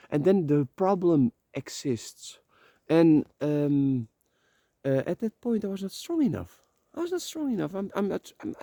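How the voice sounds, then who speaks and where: His voice sits on the high side with a dark tone and no echo. The man, a Dutch vlogger, walks outdoors along a slippery path, rambling into his phone in a heartfelt, emotional motivational monologue and swearing casually as he goes.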